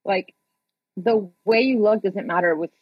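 A woman's voice: mid-range voice, unhurried, breathy edge, no echo, muffled recording. A woman in her thirties, a guest telling her life story in a chatty way, with frequent laughs and filler words. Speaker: interview guest. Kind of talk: personal storytelling in conversation.

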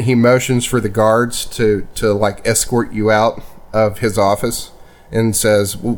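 Laid-back man running a tabletop game. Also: lowish voice. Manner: relaxed, halting with many fillers. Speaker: game master.

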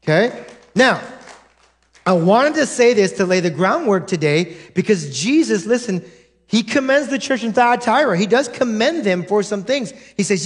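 A man's voice: high-pitched, expressive, normal speed. A male pastor preaching a sermon in a church, emphatic and direct, often stopping to say "listen" and check "right?" with the congregation. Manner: emphatic, drives points home with repeated "listen" and "right?". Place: church sanctuary.

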